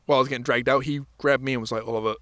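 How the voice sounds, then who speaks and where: A man's voice: mid-range voice, rapid-fire, no room sound. A young man hosting a podcast, telling stories casually and animatedly and often acting out what others said. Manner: animated storytelling with acted-out quotes, laughs often. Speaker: podcast host. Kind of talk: casual chat.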